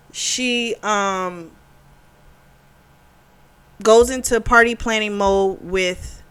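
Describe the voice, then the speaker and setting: A woman talks through a book review in a relaxed, conversational way, with a voice of ordinary middle pitch. She retells the story with a chatty, animated delivery. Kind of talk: casual spoken book review.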